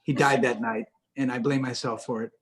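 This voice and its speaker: A man's voice: mid-range voice, fairly even intonation, brisk, a bit bright. A middle-aged man speaking on a video call as an interview guest, talking casually with lots of stammered restarts and self-deprecating jokes. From United States. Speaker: actor and director, interview guest.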